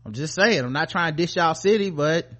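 A male podcast co-host ranting in an animated, profane style. His voice sits a bit higher than most men's. He swings between mock outrage and deadpan jabs. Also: brisk. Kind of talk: casual comedic rant.

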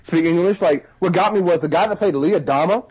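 A man in casual podcast chat, joking and chiming in with quick agreement. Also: high voice, darkish tone, husky. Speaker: podcast co-host. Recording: dull lo-fi recording.

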